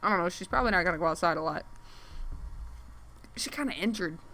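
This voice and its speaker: Woman streamer sketching and chatting to herself, kinda low voice, rambly, full of "like"s. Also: lively intonation, quick pace, sharp tone. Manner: rambling and easily distracted, many filler "like"s; exclaims at what she sees on screen. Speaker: artist streaming while drawing. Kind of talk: casual thinking aloud while sketching.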